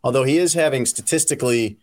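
A man hosting a sports talk show, teasing his guest and running through stats in a casual, lively way. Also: medium pitch, fast talker. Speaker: sports radio host.

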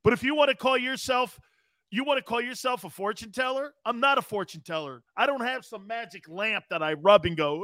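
A man's voice: very high voice, brisk, pushed and bright, dry recording, clean studio sound. A man hosting a live sports talk show, answering viewer comments in a brash, profane, combative way. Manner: combative, playfully needling callers and commenters.

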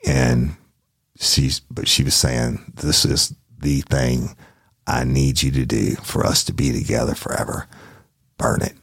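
A man with an extremely low, gravelly voice tells an old work story in a blunt, profane way. He retells the dialogue with heavy emphasis, and the sound is dry and close. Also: fairly even intonation, measured pace, a bit bright, no echo. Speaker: private investigator. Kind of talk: casual anecdote telling.

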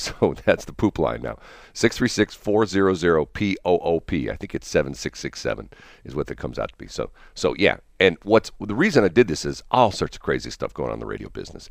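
A man's voice: deep voice, big pitch swings, brisk, creaky, no room sound, studio quality. A man hosting a casual morning radio chat, rambling and chuckling, restarting his sentences often. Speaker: radio host.

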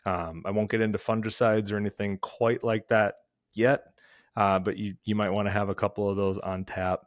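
A man's voice: fairly low pitch, level tone, normal speed, no echo, clean studio sound. A man hosting a lawn care podcast, giving advice conversationally with restarts and repeats. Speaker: podcast host. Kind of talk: casual how-to chat.

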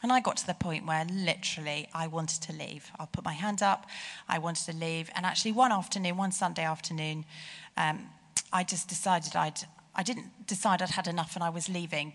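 A middle-aged woman preaching a sermon with personal stories, lively and emphatic on key phrases. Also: fairly low pitch. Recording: long hall reverb.

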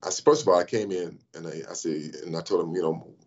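A man in his sixties telling stories as an interview guest, animated, with frequent restarts and repeated "I mean". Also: low voice, fast, lo-fi sound. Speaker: interview guest, former pro athlete. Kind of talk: animated storytelling in conversation.

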